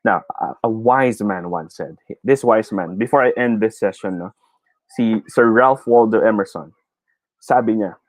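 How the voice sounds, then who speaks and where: Male teacher, Filipino accent, warm-hearted coaching tone, mixes Tagalog into English, dry video-call audio. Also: lowish voice, measured pace, no echo, poor audio. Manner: encouraging, mixing Tagalog and English, chuckles often. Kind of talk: online speech class.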